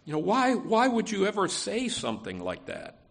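A man's voice: sits high, huge pitch swings, moderate pace, vocal fry. A man preaching a sermon in a conversational way, often saying "you know" and restarting phrases. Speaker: pastor.

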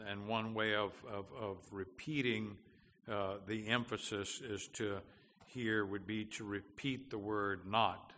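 A man's voice: fairly low pitch, sharp tone. A man preaching a sermon as pastor, earnest and full of fillers and restarts, building to emphatic declarations. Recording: long hall reverb, faint background noise.

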